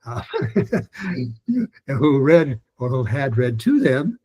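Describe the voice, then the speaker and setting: Older male teacher, warm husky voice, patient step-by-step demos of stretched sounds. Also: medium pitch, animated, slow pace, rough recording. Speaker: pronunciation teacher. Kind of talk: online lesson with demonstrations.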